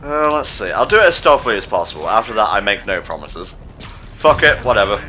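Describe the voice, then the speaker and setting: Lowish, bright, deadpan gamer man. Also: fast talker, slight background noise. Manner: sarcastic, deadpan, swears freely. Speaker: player in a gameplay video. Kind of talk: casual gaming commentary.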